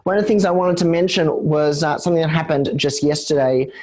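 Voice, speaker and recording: Male webinar host, hoarse with a cold, slightly high voice, filler-heavy explainer. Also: fast, darkish tone. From Australia. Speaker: host and executive director. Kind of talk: hosting a webinar.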